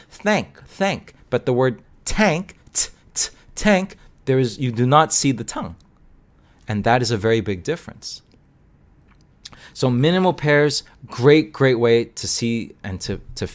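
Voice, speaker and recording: A young man who teaches language, talking casually and acting out sounds with playful exaggeration. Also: mid-range voice.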